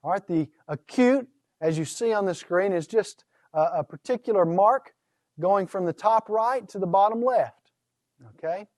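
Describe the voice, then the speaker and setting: High-voiced man teaching Greek pronunciation. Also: normal speed, a little mellow, no echo. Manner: teacherly, asks questions and answers them. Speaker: Greek instructor. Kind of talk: recorded course lecture.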